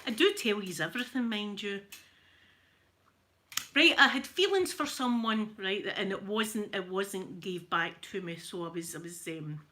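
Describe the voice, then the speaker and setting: A woman's voice: mid-range voice, expressive, measured pace, sharp tone. A woman with a Glaswegian accent chatting casually at home while ironing, jokey and laughing often. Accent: Scottish, Glaswegian. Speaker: ASMR creator. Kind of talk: casual chat.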